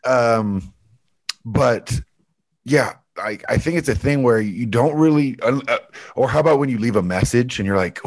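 Raspy guy on a podcast, gravelly voice, rambles and cracks jokes. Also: mid-range voice, moderate pace. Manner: joking, rambling. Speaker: podcast co-host. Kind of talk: casual chat.

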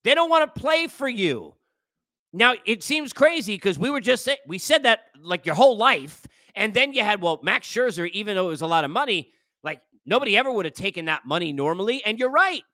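A man's voice: high-pitched, sing-song, a little fast, sharp tone, no room sound. A man hosting a sports podcast, delivering an exasperated, lecturing rant that scolds his listeners. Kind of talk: ranting sports commentary.

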